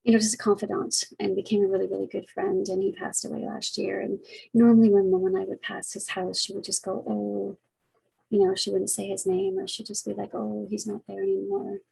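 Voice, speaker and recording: Middle-aged woman caregiver vlogging, mellow raspy voice, lots of ums and pauses. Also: mid-range voice, low-quality recording. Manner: reflective, halting, many fillers. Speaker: family caregiver. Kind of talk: casual personal vlog.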